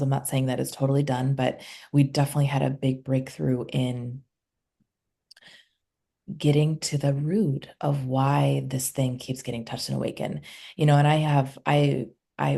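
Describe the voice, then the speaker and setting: On a podcast, a woman who works as a somatic healer tells the story of a couples session in a conversational way. Her voice is low, warm, gravelly and a touch husky, and she performs the dialogue of the people she describes.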